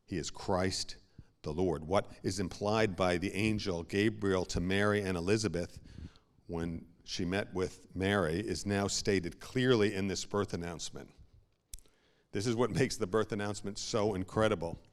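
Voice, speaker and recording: Low-voiced man preaching a sermon. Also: normal speed. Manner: swings from hushed asides to loud emphatic peaks; repeats words when building a point. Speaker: pastor.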